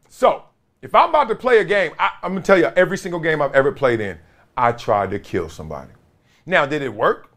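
A man with a fairly high, very lively voice hosting a sports talk show. He tells stories from his playing days with big swings in pitch, laughing and acting out what others say. The tone is loud and loose. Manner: lively, laughing, acts out quotes. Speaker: sports show host, former player.

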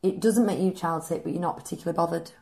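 A woman's voice: on the low side, fairly even intonation, racing, creaky, a little mellow. A woman co-hosting a podcast, telling stories in a chatty, enthusiastic way. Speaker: podcast co-host. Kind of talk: casual chat.

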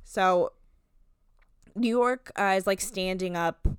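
A young adult woman co-hosting a casual chat show, recapping a reality show in an animated way, swearing freely. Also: mid-range voice, slow pace, smooth, dry recording, studio quality. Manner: animated storytelling, acts out quotes, swears freely.

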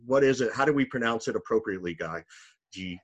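A man's voice: medium pitch, lively intonation, fast, breathy edge. A man hosting a casual podcast, giving upbeat, jokey introductions. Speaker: podcast host.

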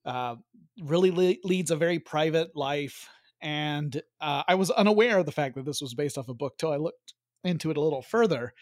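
A man with a fairly high voice, co-hosting a casual chat and chuckling as he goes. He sounds relaxed and loose and trails off at times. The sound is dry and close, with no room around it. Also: moderate pace, dry recording. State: hiccups. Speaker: podcast co-host.

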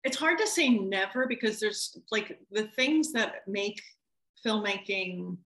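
A woman film director talking casually in an interview, animated and laughing as she acts out what people said. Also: mid-range voice, slow, reverberant, rough recording.

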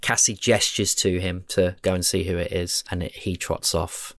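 Deep-voiced British game master. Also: male voice, fairly even intonation, vocal fry, fairly bright tone, dry recording, clean studio sound. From Britain. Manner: descriptive, measured. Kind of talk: narrating a tabletop game.

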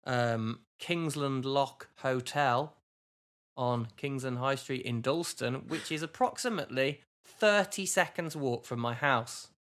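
A man's voice: medium pitch, slow, fairly bright tone. A man hosting a podcast from a hotel room, chatting in a rambling, self-deprecating way. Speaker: podcast host. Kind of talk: casual chat.

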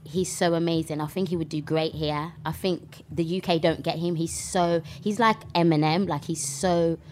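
A woman's voice: sits low, moderate pace, slight background noise. A young woman with a Birmingham accent, a rapper talking animatedly in a casual interview. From England. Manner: animated, with fillers and restarts. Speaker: rapper, guest.

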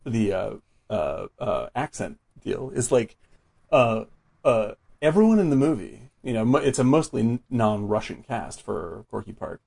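A man's voice: on the low side, very animated, measured pace, vocal fry, dark tone, breathy edge. A man in casual movie chat, rambling and enthusiastic with lots of fillers.

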